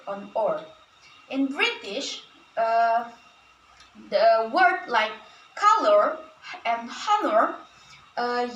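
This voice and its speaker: Young woman, indonesian native, halting class talk, high voice, slow, echoey room. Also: recorded from a distance, slight background noise. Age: young adult. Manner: halting, with frequent fillers and restarts. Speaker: student presenter. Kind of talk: class presentation.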